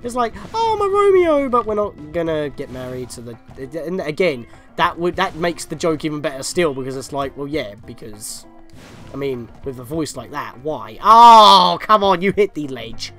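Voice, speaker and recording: A man's voice: a little high, lively intonation, moderate pace, bright, forceful tone, soft background music. A man giving casual walkthrough commentary on a video game, rambling, laughing and easily exasperated. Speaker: gaming commentator.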